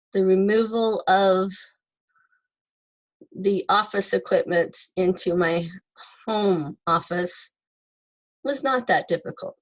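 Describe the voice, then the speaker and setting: A woman teaching an online English class, stepping slowly through word forms with example sentences. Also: on the low side, rough recording. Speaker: ESL teacher. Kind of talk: recorded online lesson.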